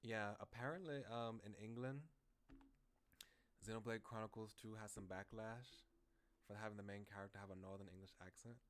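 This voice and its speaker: A man's voice: lowish voice, steady tone, normal speed. A man streaming a visual novel, chatting casually and rambling off on tangents between scenes. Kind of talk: casual game commentary.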